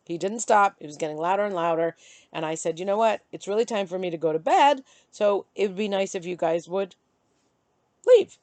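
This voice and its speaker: A middle-aged woman vlogging, chatty and animated as she tells and vents about her day. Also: lowish voice, fairly quick, no room sound. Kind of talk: casual storytelling to camera.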